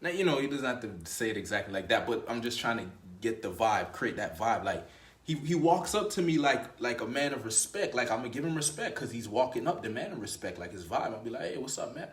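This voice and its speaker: A man's voice: mid-range voice, big pitch swings, brisk, reverberant. A man talking as a dating coach in a casual, emphatic, slangy manner, often repeating and restarting phrases. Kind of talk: casual motivational talk to camera.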